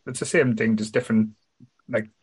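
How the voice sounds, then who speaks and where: A man's voice: fairly low pitch, steady tone, a little fast, darkish tone, breathy edge. A man hosting a podcast, rambling in a laid-back way with casual swearing. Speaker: podcast host. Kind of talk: casual chat.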